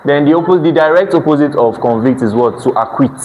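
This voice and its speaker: A man's voice: on the high side, fast, a little mellow, rough recording. A man with a Nigerian accent, teaching an evening exam-prep class, who keeps checking in with his students and restarts his phrases. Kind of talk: classroom lecture. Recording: faint background noise.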